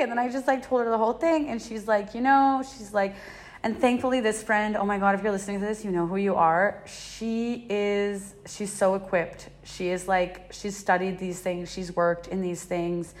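Rambling young woman host, confessional. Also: moderate pace. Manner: rambling, heavy use of filler words; emotional, swearing, rising to high exclaims. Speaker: podcast host. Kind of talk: personal confessional talk.

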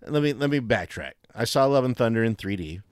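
A man co-hosting a casual podcast, rambling and animated with lots of fillers. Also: mid-range voice, brisk, clean tone, no echo, clean studio sound. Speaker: podcast co-host. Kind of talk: casual chat.

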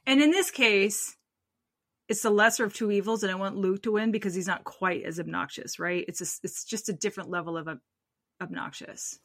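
A woman co-hosting a podcast, recounting events in animated casual chat that trails off quietly at the ends of thoughts. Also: medium pitch, brisk, dry recording, studio quality. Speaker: podcast co-host.

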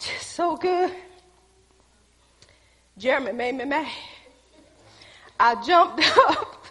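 High-voiced woman preacher, animated. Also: big-room sound. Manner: animated, acting out quotes, addressing the crowd. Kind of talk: sermon testimony storytelling.

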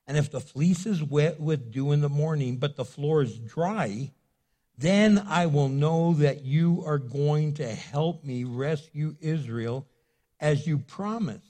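Pastor guy preaching a sermon, lively, does little voices for the people in the story, kinda high pitched. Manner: animated, acts out voices of people he quotes.

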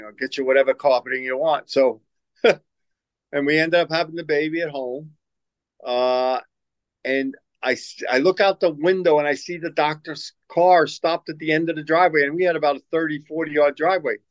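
Older man telling stories, higher voice. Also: no room sound, poor audio. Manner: rambling, repeats words, acts out quoted lines. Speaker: former college basketball coach. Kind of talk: storytelling interview answers.

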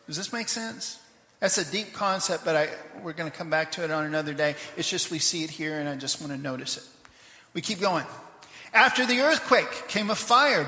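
A man preaching a sermon in church, reading scripture with rising intensity and dropping into quick asides. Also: sits high, bright, forceful tone. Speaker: pastor. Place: church sanctuary. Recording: echoey church livestream.

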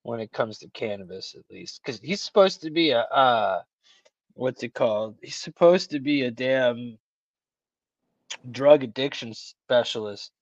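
A man's voice: mid-range voice, lively intonation, unhurried, no echo. Sarcastic male podcast host. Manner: sarcastic, slangy, chuckling. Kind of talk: casual podcast chat. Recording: dull lo-fi sound.

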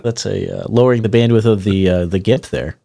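A man's voice: lowish voice, steady tone, fairly quick, creaky, mellow, dry recording. Wry male podcast co-host, dry sound. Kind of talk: casual chat.

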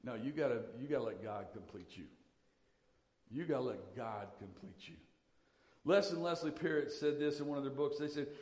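A man's voice: medium pitch, lively intonation, normal speed, darkish tone, echoey room, long reverb tail. A man preaching a sermon as pastor, emphatic and repeating his key lines.

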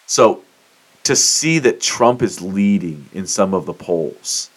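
An American man with a low voice hosts a solo podcast, speaking slowly but with plenty of energy. In this opinion monologue he rants about sports and politics, fired up and profane.

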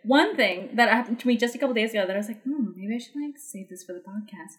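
Young woman, podcast guest, quick pace, casual chat, rambling, many fillers. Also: on the high side, lively intonation.

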